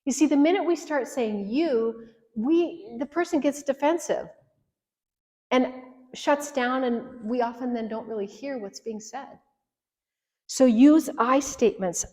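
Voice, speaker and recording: A woman's voice: high-pitched, measured pace, darkish tone. A woman in her sixties giving an earnest marriage workshop talk, coaching and directly challenging her listeners. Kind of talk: workshop teaching. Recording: echoey hall reverb.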